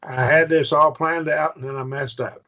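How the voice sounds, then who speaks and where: A man's voice: fairly high pitch, fairly even intonation, moderate pace, gravelly, lo-fi sound. A man teaching a Greek grammar class in a patient manner, often checking in with his students. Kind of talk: classroom lesson.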